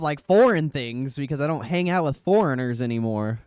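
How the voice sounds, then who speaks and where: A man hosting a live stream, chatting casually and reading out viewer comments, relaxed and profane. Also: mid-range voice, moderate pace, few pauses, clear, resonant tone, no echo, clean studio sound. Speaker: livestream host.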